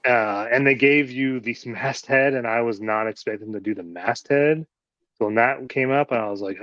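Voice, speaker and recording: A man's voice: mid-range voice, moderate pace, fairly bright tone, no echo. A man hosting a casual chat, rambling and swearing freely. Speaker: host. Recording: dull lo-fi audio.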